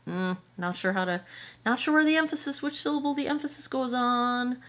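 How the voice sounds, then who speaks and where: A woman's voice: mid-range voice, sing-song, moderate pace, fairly bright tone. A woman hosting a makeup tutorial, talking casually through each step and checking in with viewers. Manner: chatty, explains and checks in with viewers.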